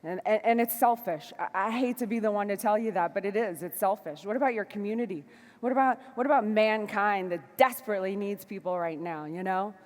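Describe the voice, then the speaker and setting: A woman giving a motivational stage talk to a live audience, fiery and emphatic, moving between shouts and soft asides. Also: mid-range voice, fairly quick, long reverb tail. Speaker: motivational speaker. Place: large hall before a live audience.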